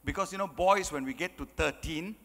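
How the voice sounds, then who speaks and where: A man telling a personal story in a motivational talk, acting out the dialogue with animated energy. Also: fairly high pitch, brisk. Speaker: speaker. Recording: long hall reverb.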